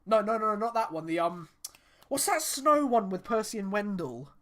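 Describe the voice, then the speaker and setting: Brief: male guest on a call, loud, laughing, self-mocking. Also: sits high, big pitch swings, moderate pace. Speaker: voice actor and musician. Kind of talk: casual group call chat.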